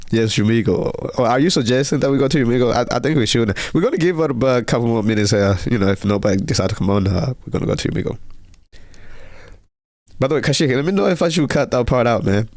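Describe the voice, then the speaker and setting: A man's voice: lowish voice, dry recording. Rambling young man hosting a livestream. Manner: rambling, repeats words, reads chat aloud. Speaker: livestream host. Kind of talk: casual livestream chat.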